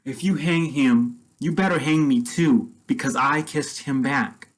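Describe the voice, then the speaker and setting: A man voicing a gentle but defiant young female schoolteacher, crying out in a high, strained voice. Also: a little slow, close to an everyday voice, rough recording.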